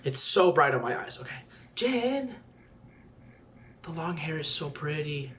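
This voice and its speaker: A man's voice: a little high, brisk, a little hiss or hum. Chatty man gushing over a song. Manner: chatty and gushing, many fillers, rising in excitement. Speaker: music video reactor. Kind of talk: casual reaction commentary. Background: music playing faintly.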